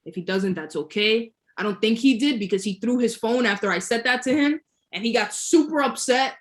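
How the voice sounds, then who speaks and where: A woman's voice: fairly high pitch, brisk. A young woman, a guest entrepreneur, telling a story in a casual interview, laughing often and stretching key words. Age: young adult.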